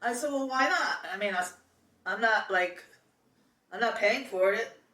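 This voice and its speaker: A woman's voice: medium pitch, unhurried, pushed and bright, distant mic. Chatty New woman telling a story. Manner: chatty, meandering, many fillers and restarts. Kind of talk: casual personal storytelling. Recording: echoey room, voice set back from the mic.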